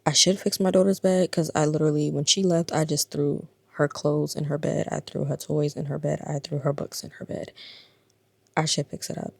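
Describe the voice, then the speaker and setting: A worn-out woman in her thirties speaks to her vlog viewers in a low, gravelly voice. She sounds tired and confiding and drops at times into a breathy whisper. Her pitch barely moves, and the sound is close and dry. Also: flat delivery, normal speed, darkish tone, no room sound. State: exhausted and in pain. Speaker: vlogger. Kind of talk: casual personal vlog talk.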